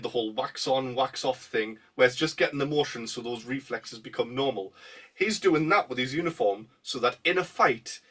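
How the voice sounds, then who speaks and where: Casting: podcast host, male, mid-range voice, easygoing and quick to laugh. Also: mid-range voice, a bit bright, slightly rough, distant mic. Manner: leads the talk, laughs easily. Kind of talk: casual podcast chat.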